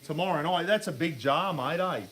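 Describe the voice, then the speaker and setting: A man's voice: a little high, brisk, a bit bright. An Australian man hosting a casual outdoor live stream, matey and chatty while he cooks. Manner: chatty, matey, laughing easily. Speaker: host. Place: outdoor camp barbecue. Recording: crowd noise behind.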